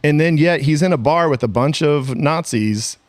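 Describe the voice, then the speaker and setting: A man's voice: on the high side, moderate pace, no echo. Podcast host, man, casual rambling chat, dry close mic. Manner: laughs often, rambling. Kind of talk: casual movie discussion.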